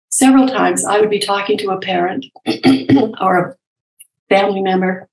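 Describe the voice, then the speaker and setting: An older woman, a nurse and professor, talking candidly and gently as an interview guest, telling stories from her career. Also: mid-range voice, unhurried, vocal fry, roomy sound, poor audio. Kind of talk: reflective storytelling in conversation.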